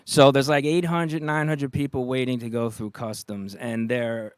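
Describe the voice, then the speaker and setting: A middle-aged man with a New York accent spins a story in a casual way, putting on the voices of the people he quotes. His voice sits at an ordinary middle pitch, and the recording is dry and close. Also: normal speed, smooth, dry recording. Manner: animated anecdotes, acts out quoted voices, laughs often. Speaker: guest, retired police officer.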